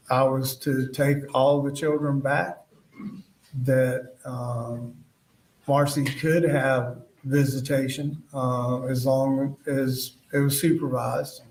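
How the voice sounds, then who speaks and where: A man giving courtroom testimony as a witness, speaking haltingly and retelling past conversations as quoted dialogue. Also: medium pitch. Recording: echoey room, voice far from the mic.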